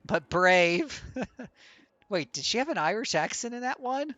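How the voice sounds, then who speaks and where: A man's voice: sits high, lively intonation, unhurried, long pauses, pushed and bright, no echo, faint music behind. Rambling man commenting on a game. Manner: rambling, joking, many restarts. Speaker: streamer. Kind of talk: live gameplay commentary.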